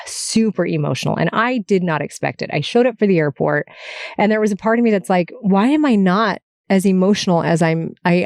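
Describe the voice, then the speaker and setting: A woman's voice: lowish voice, darkish tone, dry recording, clean studio sound. A middle-aged woman hosting her podcast, telling a personal story in a candid, chatty way with small laughs and restarts. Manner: candid, chatty, frequent laughs and self-corrections. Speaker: podcast host. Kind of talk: emotional personal monologue. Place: parked car.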